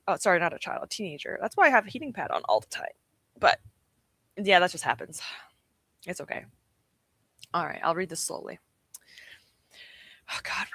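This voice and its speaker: Animated, bright-voiced young woman streamer. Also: medium pitch, no echo. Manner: chatty, giggly, self-deprecating. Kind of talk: casual livestream chat.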